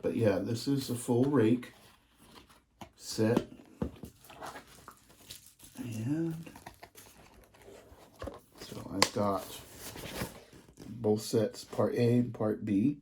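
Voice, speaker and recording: A man showing off his model trains in a casual vlog, gushing with excitement and dropping into hushed asides. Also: mid-range voice, very slow, long pauses, background noise.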